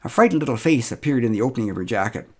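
A man's voice: medium pitch, lively intonation, very fast. A middle-aged man telling a humorous first-person story with wry, dry humor.

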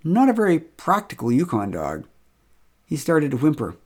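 A man's voice: a little high, wildly swooping pitch, moderate pace, darkish tone. Wry middle-aged man telling a funny story. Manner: wry, dry humor. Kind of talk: humorous first-person storytelling.

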